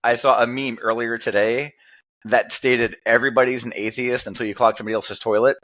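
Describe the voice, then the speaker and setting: A middle-aged man as a podcast guest, talking in a bright, punchy voice. He keeps things playful, teasing and laughing between lines in easy casual chat. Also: medium pitch, steady tone, normal speed. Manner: joking, playful, laughs often.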